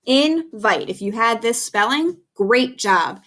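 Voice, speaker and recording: A woman teacher leads a recorded phonics lesson for small children, taking her time over every word. She is patient and encouraging and spells words out one letter at a time. Her voice sits at an ordinary middle pitch. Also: animated, a little slow, fairly bright tone.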